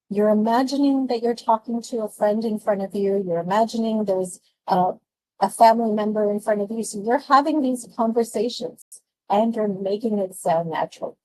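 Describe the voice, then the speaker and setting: Chatty woman presenting, mellow voice. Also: a little high, normal speed, low-quality recording. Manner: lively and chatty, laughs often, talks with her hands. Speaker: webinar presenter. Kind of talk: presenting test-prep tips to an online audience.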